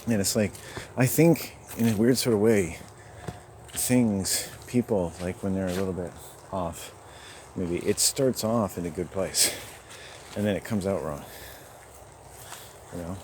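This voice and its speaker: A man rambling to himself in a solo vlog while out hiking, musing and swinging between quiet and loud. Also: low-pitched, a little slow, pauses often, slight background noise. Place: outdoors on a hiking trail.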